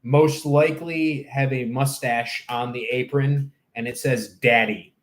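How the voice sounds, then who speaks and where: Male streamer, young adult, unhurried, loose and joking, talks to chat from home. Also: medium pitch, fairly even intonation. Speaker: live streamer. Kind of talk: casual livestream chat.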